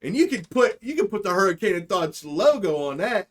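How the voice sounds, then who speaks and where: Excitable, foul-mouthed male streamer. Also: a little fast. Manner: loud, profane and excitable, jumping between shouting and low mutters; spins absurd hypothetical stories for the chat. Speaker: host of a live stream show. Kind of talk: casual comedic live-stream rant.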